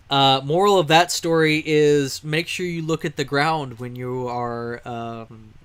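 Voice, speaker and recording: A man's voice: medium pitch, steady tone, slow pace, fairly bright tone, clean tone. A man from Texas, streaming a game and telling a rambling story with fillers and chuckles. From Texas, USA. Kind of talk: casual storytelling while playing a game.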